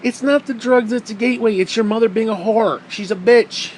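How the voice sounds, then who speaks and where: High-voiced man ranting bluntly. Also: a little fast, slight background noise, rough recording. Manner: blunt, profane, repeats points for emphasis. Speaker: vlogger. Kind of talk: heated ranting commentary.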